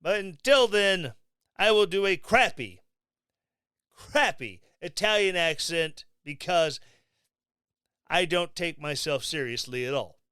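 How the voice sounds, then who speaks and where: A man hosting his own podcast, giving sarcastic, mocking political commentary in a casual, animated way. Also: on the high side, takes it slowly, pauses often, smooth, dry recording, studio quality. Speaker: podcast host.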